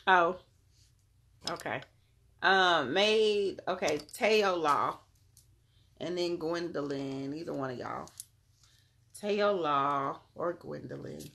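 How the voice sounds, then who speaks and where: Gravelly low-voiced woman reading tarot live. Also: takes it slowly, long pauses, fairly bright tone. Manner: laid-back, slangy, chatty, addresses viewers as "beloved". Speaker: tarot reader on a live stream.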